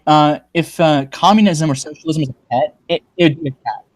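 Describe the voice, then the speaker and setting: A man's voice: a little high, fairly quick. A man hosting a casual livestream, joking sarcastically and reading viewer comments aloud. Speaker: livestream host.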